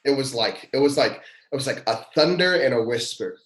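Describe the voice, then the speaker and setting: A man's voice: mid-range voice, animated, a little fast, a bit bright. A man, a pastor and podcast guest, tells a personal testimony in an earnest, heartfelt and casual way. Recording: roomy echo.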